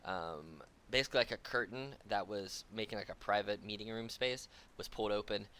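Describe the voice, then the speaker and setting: A man's voice: lowish voice, sharp tone, smooth. A man narrating a tabletop role-playing game as game master, in loose, casual talk full of fillers.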